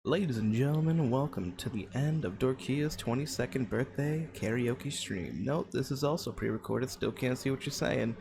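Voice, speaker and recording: A man's voice: medium pitch, normal speed, gravelly, few pauses, crowd noise, close to an everyday voice. A man putting on an accent to voice a showy male stage announcer who speaks with mock-formal grandeur. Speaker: streamer.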